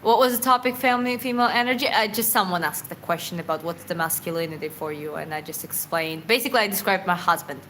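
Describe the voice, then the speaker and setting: A woman's voice: lowish voice, fast, few pauses, a bit bright, a little hiss or hum, poor audio. A woman boxer answering viewer questions in a casual livestream Q&A. She talks in an earnest, reflective way, rambles, corrects herself and laughs often.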